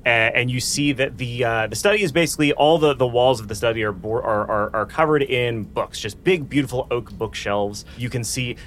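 A man's voice: medium pitch, a bit bright, a little hiss or hum. A man narrating a tabletop game as game master, stopping and restarting often. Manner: halting, many fillers and restarts.

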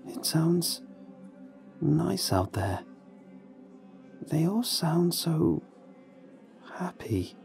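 A man's voice: medium pitch, expressive, moderate pace, pauses often, mellow, soft background music, natural voice. A man voicing a frightened young man who is trapped in a storm, his voice hollow and slipping into manic rambling. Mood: dreamy.

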